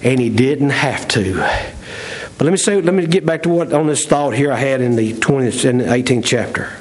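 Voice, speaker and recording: A middle-aged man preaching a sermon in a folksy way, stretching out key words and then rushing through asides. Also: medium pitch, lively intonation, low-quality recording. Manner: folksy, swings from slow drawn-out emphasis to quick asides.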